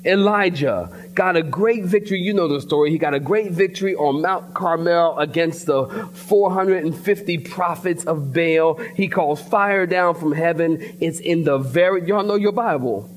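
Pastor guy preaching, high voice, storytelling, faint hum in the room. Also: normal speed, few pauses. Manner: storytelling preacher, animated, addresses congregation directly. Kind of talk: sermon. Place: church sanctuary.

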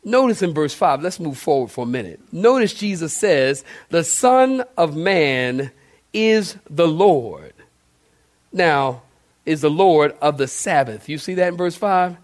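Guy preaching a sermon, highish voice, asks the crowd stuff, gets loud and animated. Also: measured pace. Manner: animated preaching with direct questions to the congregation; shouted cartoonish outbursts for emphasis. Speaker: pastor.

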